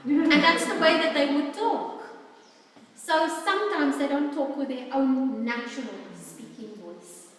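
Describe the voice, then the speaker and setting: A woman presents a workshop to an audience, talking in a warm, chatty, playfully animated way. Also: high-pitched, a little slow. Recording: echoey hall from far off.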